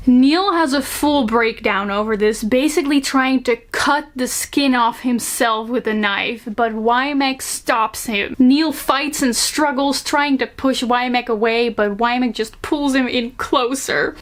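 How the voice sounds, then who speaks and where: A woman's voice: fairly high pitch, measured pace, hardly any pauses. A woman reviewing books casually, reading excerpts aloud, gushing and self-mocking and often laughing. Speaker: book reviewer.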